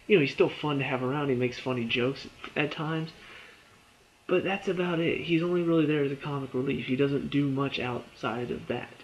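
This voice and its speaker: Excitable man recapping a TV episode. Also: medium pitch, dull audio. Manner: excitable, retells scenes breathlessly with many fillers. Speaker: TV episode reviewer. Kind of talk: casual spoken episode review.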